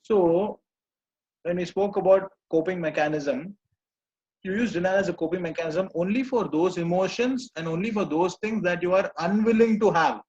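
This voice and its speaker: A man coaching a live group, gently repeating reassuring phrases. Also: sits high, normal speed, lo-fi sound. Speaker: personal growth coach.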